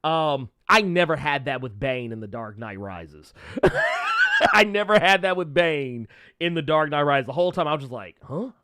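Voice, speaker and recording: Casting: lively male podcast co-host, slightly high voice, dry close sound, joking, swears freely. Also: normal speed, dry recording. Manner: animated, profane, joking, many restarts. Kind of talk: casual movie review chat.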